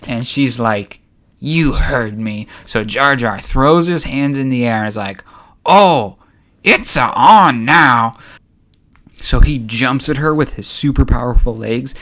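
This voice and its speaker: Guy casually narrating a story, chatty, mid pitch, uh's here and there. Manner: chatty, relaxed, uses fillers. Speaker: YouTube host.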